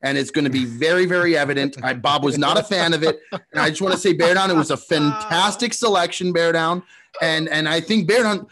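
A young man with a slightly high voice, co-hosting a loose, joking podcast. He tells stories with animated energy and acts out what people said along the way. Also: brisk. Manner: animated storyteller, acts out quotes. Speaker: co-host. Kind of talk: casual podcast banter.

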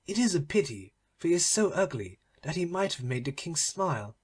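A man's voice: a little high, big pitch swings, brisk, husky. A man voicing a grave, courteous court official who speaks formally and solemnly.

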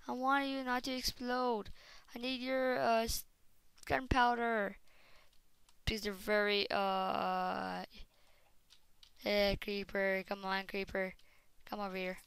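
A woman doing casual game commentary, talking to viewers and bursting into frustrated shouts. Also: mid-range voice, steady tone, slow pace, clean tone, dry recording. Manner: talks straight to viewers as "guys". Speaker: gaming commentator.

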